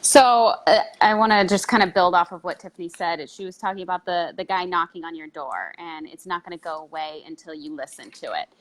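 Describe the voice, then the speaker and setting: A woman's voice: fairly low pitch, lively intonation, fairly quick, few pauses. A woman co-hosting a live health stream, speaking conversationally with some hesitations. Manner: conversational, hesitant with fillers and restarts. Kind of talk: casual live video talk.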